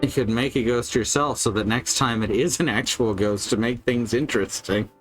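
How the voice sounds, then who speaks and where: A man's voice: medium pitch, normal speed, soft background music. A man streaming a video game, chatting casually with a rambling, wry manner and casual swearing. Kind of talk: casual gameplay chat.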